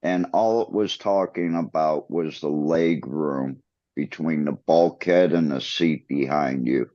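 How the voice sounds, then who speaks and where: Slow, very deep-voiced man explaining. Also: mellow, dry recording. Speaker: podcast co-host. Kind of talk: casual chat. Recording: dull dry lo-fi sound.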